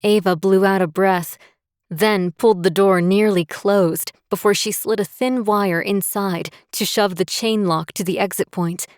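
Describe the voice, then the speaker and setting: Woman reading an audiobook, slow and steady, dry close sound. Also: medium pitch, no echo. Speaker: audiobook narrator. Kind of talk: scripted narration.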